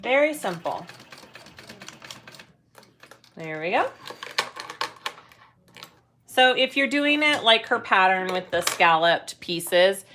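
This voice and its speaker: A woman's voice: lowish voice, sharp tone, a little hiss or hum. A woman hosting a live sewing demonstration, chatty as she explains each step and greets viewers. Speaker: sewing tutorial host.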